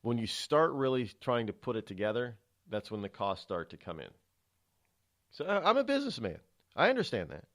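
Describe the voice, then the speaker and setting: A man's voice: medium pitch, very animated, fairly quick, fairly bright tone. A middle-aged man hosting his own radio show, talking solo in a chatty, digressive way, often restarting and repeating words as he goes. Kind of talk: rambling solo talk-radio monologue.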